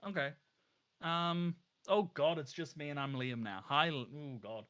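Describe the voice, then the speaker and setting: A man's voice: on the high side, expressive, a little slow, sharp tone, clear, resonant tone. A man with a New Zealand accent, playing a tabletop game and chatting casually. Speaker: player.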